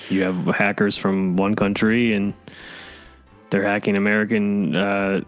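A man on a comedy panel, talking slowly and hesitantly. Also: on the low side, little pitch movement, faint music behind. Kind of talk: comedic news-panel banter.

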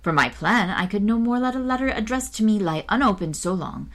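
A woman's voice: medium pitch, expressive, a little fast, fairly bright tone, voice pushed up. Woman reading as a coaxing, worldly schoolteacher. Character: scheming worldly female schoolteacher, teasing.

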